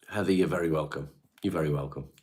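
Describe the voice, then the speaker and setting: A middle-aged man with a Devon English accent, chatting casually and bluntly on a home livestream, swearing freely and answering viewers. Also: low-pitched. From England. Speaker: livestream host reading chat. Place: his home.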